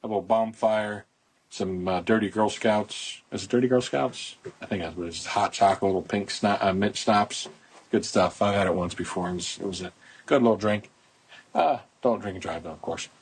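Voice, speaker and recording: Husky-voiced man chatting outdoors on a phone. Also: fairly low pitch, normal speed. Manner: rambling, folksy promotional chatter. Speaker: podcast host, boat club owner. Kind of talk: casual podcast chat.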